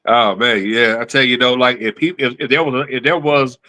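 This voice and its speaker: A man's voice: medium pitch, steady tone, a little fast, sharp tone. A man hosting a casual interview, reacting with short encouraging remarks and asking loose, rambling questions. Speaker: host.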